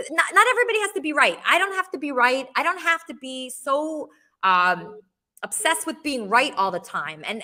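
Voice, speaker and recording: Brief: woman call-in host, high lively bright voice, blunt and rambling. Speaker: podcast host. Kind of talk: casual call-in chat.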